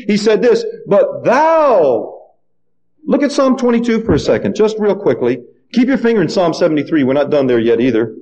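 High-voiced male preacher, muffled sound. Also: a little mellow. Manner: preaching with rhetorical questions, acting out quoted voices. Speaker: pastor. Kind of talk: sermon.

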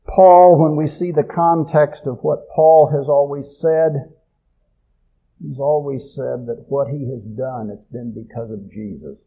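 A man preaching a sermon, swelling loud on key phrases and dropping low at the ends. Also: steady tone, a little slow, slightly rough. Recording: tinny phone-like audio.

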